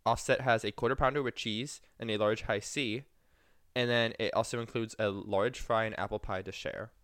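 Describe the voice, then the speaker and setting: A man's voice: fairly low pitch, fairly even intonation, moderate pace, fairly bright tone, smooth, no echo, clean studio sound. A young man co-hosting a podcast, chatting casually and playfully while eating. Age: young adult. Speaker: podcast co-host. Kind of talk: casual chat.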